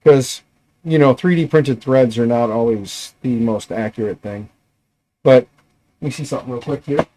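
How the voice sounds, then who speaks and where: Male streamer, mid pitch, rambling and thinking aloud while he works at his bench. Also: normal speed, warm tone. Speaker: livestream host. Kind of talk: casual livestream chat while tinkering.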